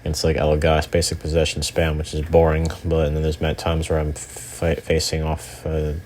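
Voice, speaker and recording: Young guy with a real low voice rambling thru gameplay commentary, lots of likes and ums, swears a bit. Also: completely flat delivery, normal speed, a little mellow, a little hiss or hum. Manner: rambling, filler-heavy, swears casually. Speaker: gaming channel host.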